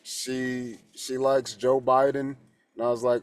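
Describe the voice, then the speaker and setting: A male tarot coach talks in a loose, rambling way, swearing without a filter and circling back on his own sentences. His voice sits at an everyday middle pitch. A faint hiss runs behind him. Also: flat delivery, measured pace. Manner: rambling and candid, swears freely, restarts often. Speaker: holistic coach and tarot reader. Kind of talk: casual spoken reflection.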